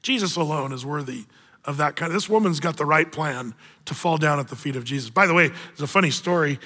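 A man preaching a sermon as pastor, animated and acting out the voices of the people in the story. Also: fairly high pitch, fairly quick, big-room sound.

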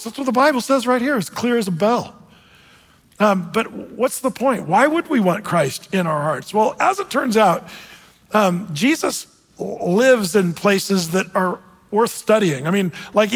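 A man with a notably high voice preaches a sermon as a pastor. He talks in a relaxed, storytelling way and slows right down to press home key phrases. His voice rings out with the long reverb of a big hall. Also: husky. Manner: conversational, storytelling, emphatic with slow stressed phrases.

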